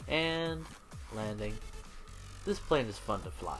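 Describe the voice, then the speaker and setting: A man's voice: a little high, animated, normal speed, fairly bright tone. A man giving playful live commentary while flying a plane in a game, making gun sound effects. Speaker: gamer. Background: faint electronic music.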